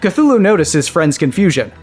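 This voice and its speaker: A male host narrates a scripted comic tale with playful, dry asides. His voice sits a little high, and faint music plays under him. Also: very animated, fairly quick, darkish tone, slightly rough. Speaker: podcast host.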